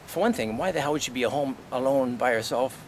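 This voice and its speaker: A man's voice: medium pitch, fast talker, a little mellow, slight background noise. A middle-aged man telling a personal family story in a blunt, aggrieved way, swearing often and asking rhetorical questions. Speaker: vlogger.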